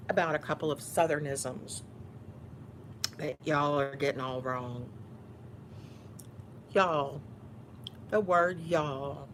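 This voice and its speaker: Eating on camera, a Houston woman who makes YouTube videos talks casually in a Texan Southern accent, playfully teasing and pretending to be bossy. Her voice is low-sitting, and there's slight background noise.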